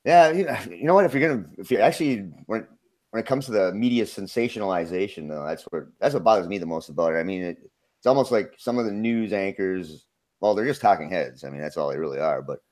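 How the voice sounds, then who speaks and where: A man from Minnesota hosts a casual live-stream chat. His voice sits a little low, and he talks in a laid-back, rambling way with frequent chuckles. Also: animated, fast, darkish tone. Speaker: host.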